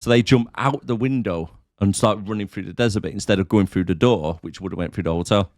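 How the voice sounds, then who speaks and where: A man's voice: lowish voice, fast, darkish tone, no echo, studio quality. A man co-hosting a podcast, recapping a film casually and acting out the characters' lines. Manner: retells scenes, does character voices. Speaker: podcast co-host. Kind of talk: casual film review chat.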